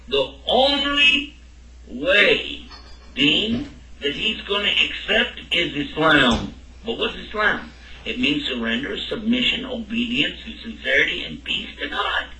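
Bright-voiced man teaching a class. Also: a little high. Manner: lively, quizzes listeners with questions. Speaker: religious teacher. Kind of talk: lecture to a class. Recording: echoey room, mic at a distance.

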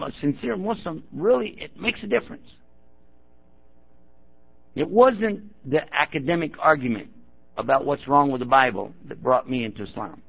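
A man preaching to a gathering, his voice gravelly and rough. He tells stories and acts out the people in them, and now and then he prods the listeners directly. The sound is thin and tinny, like a phone line. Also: on the high side. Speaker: Muslim preacher. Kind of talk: storytelling talk to an audience.

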